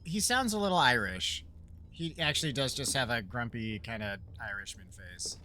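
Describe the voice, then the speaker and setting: A man casually commenting while playing a horror game, rambling and joking as he thinks out loud. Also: mid-range voice, animated, normal speed. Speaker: let's play streamer.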